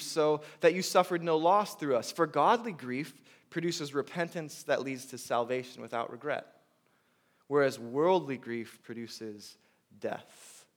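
Male pastor, thirties, dynamic sermon delivery, hushed lows and driving highs, mid-range voice. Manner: dynamic preaching, swinging from hushed to loud.

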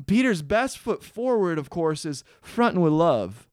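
A man's voice: big pitch swings, a little slow, few pauses, dry recording, studio quality. A man preaching a sermon, earnest and building to emphatic peaks, dropping his voice to read scripture. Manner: reads scripture aloud in a lowered voice. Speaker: pastor.

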